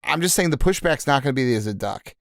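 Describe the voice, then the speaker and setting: A man's voice: mid-range voice, lively intonation, quick pace, no room sound, clean studio sound. A man co-hosting a podcast in casual comedic chat, riffing and building absurd bits. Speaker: podcast co-host.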